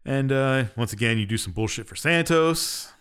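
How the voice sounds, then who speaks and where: A man's voice: mid-range voice, expressive, moderate pace, a bit bright, clean tone. A man co-hosting a podcast, casually retelling a game's story in a rambling, offhand way. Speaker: podcast co-host. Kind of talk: casual game recap chat.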